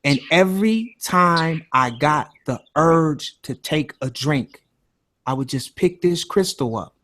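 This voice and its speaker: A man hosts a casual call-in show in a somewhat high voice. He speaks with raw emotion and swears freely. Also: expressive, slow pace, a bit bright. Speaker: host.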